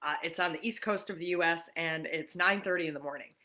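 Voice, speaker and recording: A woman's voice: lowish voice, quick pace, bright, forceful tone, slight background noise. A woman from New York hosting a casual livestream chat, chatty and greeting viewers by name. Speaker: livestream host.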